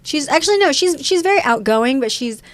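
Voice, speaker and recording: A woman's voice: high voice, a little fast, no echo. Dry-sounding woman chatting animatedly. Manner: animated, mimics voices in anecdotes. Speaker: guest. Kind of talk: casual chat.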